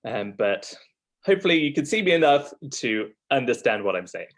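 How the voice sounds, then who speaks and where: A man's voice: medium pitch, very animated, normal speed, fairly bright tone. A man who is a guest accent coach, chatting in a friendly, easygoing way over a video call. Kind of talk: casual livestream chat. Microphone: video call webcam.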